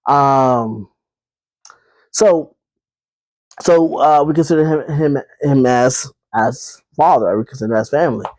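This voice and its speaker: A man talks through a solo podcast episode in a loose, chatty way, circling back with fillers and repeats and calling his listeners y'all. His voice sits at an ordinary middle pitch. The sound is dry and close, with no room echo. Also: unhurried, long pauses, a little mellow. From Brooklyn, New York. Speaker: podcast host. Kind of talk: casual solo podcast monologue.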